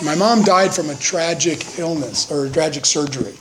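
A man's voice: a little high, normal speed, background noise. Earnest man in his fifties telling his story. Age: 50s. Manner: earnest storytelling, acts out quoted voices. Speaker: recovery meeting speaker. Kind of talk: personal testimony talk.

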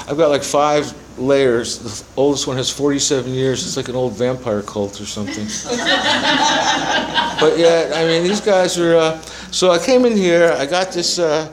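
A man's voice: medium pitch, a little hiss or hum, poor audio. A man in his seventies giving a personal testimony to a recovery meeting, rambling through his story with profanity and self-mocking humor. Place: meeting room with a small audience.

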